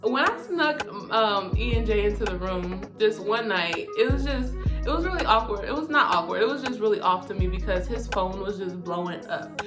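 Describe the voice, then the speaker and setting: Young woman, casual storytime vlogger, profane, animated quoting, music in the background. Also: moderate pace, few pauses. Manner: animated, profane, acts out quotes with big pitch jumps. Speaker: vlogger telling a personal story. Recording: music playing behind the voice.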